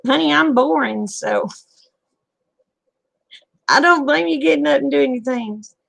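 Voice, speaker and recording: A middle-aged Southern woman chatting easily with her viewers in a homey, folksy drawl. Her voice sits a touch high and carries a gravelly fry. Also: a little slow, a bit bright. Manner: folksy, chatty, reading and answering viewer comments. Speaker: livestream host. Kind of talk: casual chat with viewers.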